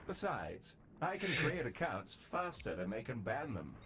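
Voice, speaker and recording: A man's voice: medium pitch, very animated, unhurried, a bit bright, slight background noise. An actor voicing a fussy, sarcastic male station assistant in a game, formal and dry with a British accent. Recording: game audio with faint music.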